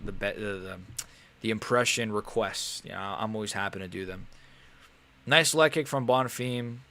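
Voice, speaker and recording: A young man casually commentating a live fight on a stream, swearing and getting worked up, often grumbling under his breath. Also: on the low side. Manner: casual, swearing, animated and frustrated. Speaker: MMA streamer.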